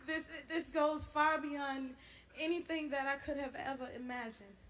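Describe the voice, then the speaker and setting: A woman's voice: high voice, fairly bright tone. A woman giving an award acceptance speech, emotional and gushing with gratitude. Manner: emotional, gushing, breathy with joy. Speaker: award winner.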